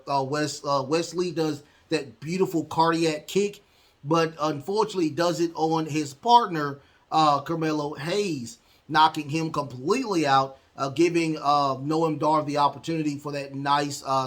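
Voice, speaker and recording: A man's voice: on the high side, fairly bright tone. A man hosting a podcast, recapping wrestling matches in a rambling way with lots of ums and uhs. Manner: rambling, heavy fillers, acts out quotes. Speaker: podcast host.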